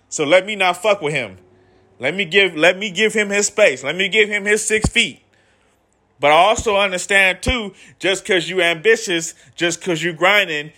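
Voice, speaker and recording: A man with kids hosts a podcast, giving a motivational solo monologue that is preachy and repetitive, peppered with slang and swearing. His voice sits high and sounds sharp.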